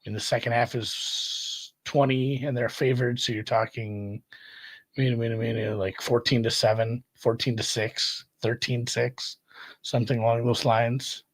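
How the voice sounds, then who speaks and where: A man's voice: mid-range voice, little pitch movement, unhurried. A man hosting a podcast, casually thinking aloud about sports bets as he checks the odds. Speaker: podcast host. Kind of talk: casual solo sports betting talk.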